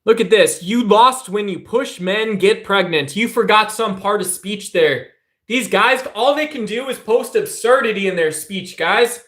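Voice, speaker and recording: Male streamer, high-pitched voice, roomy echo, confrontational rant to chat. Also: measured pace, a bit bright. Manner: heated, confrontational, addresses viewers directly. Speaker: political streamer. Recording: echoey room.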